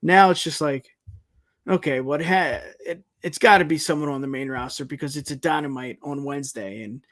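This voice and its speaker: A man's voice: on the high side, moderate pace, fairly bright tone, dry recording, clean studio sound. A man co-hosting a casual wrestling podcast, chatty and leaning on filler phrases. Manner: chatty, leans on filler like "you know" and "it's just like". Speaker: podcast co-host.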